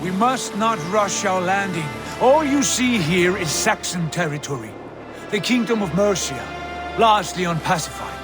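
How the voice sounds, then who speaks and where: An actor playing a calm, authoritative Viking jarl who leads his crew in a video game. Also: high voice, over music. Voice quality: measured, authoritative. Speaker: jarl leading a landing party.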